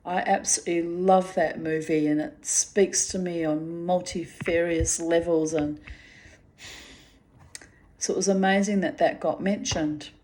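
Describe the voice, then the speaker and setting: Middle-aged kiwi-born woman, fairly low voice, rambly storytelling, talks right to the listener. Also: fairly even intonation, a little slow, a little mellow. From New Zealand. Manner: rambling, chatty, addresses listeners directly. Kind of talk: personal storytelling monologue.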